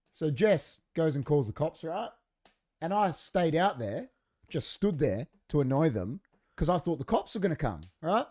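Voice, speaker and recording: A man's voice: on the high side, normal speed. A man, a podcast co-host telling a story in casual chat in a studio, acting out what people said. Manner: animated, acts out quoted dialogue.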